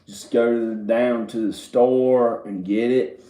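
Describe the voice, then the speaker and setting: A man's voice: medium pitch, fairly even intonation, slow pace, mellow, roomy sound, rough recording. A man from Virginia telling a rambling, profane comedic monologue and laughing at his own jokes. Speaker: comedic storyteller. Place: indoor room with drum set and speakers.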